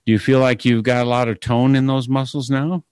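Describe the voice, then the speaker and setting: A man's voice: mid-range voice, little pitch movement, brisk, a little mellow, clear, resonant tone, dry recording, studio quality. A man hosting an interview who asks questions in a playful, teasing way. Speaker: radio interview host. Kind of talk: conversational interview.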